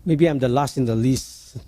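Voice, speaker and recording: A man preaching a sermon, telling a story in a halting, earnest way. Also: mid-range voice, mellow.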